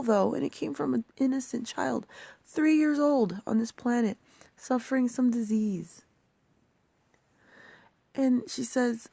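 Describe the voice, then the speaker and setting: A woman in her thirties vlogging personal reflections, emotional and halting, sometimes dropping to a near-whisper. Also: fairly high pitch, gravelly, dark tone, breathy edge, no echo.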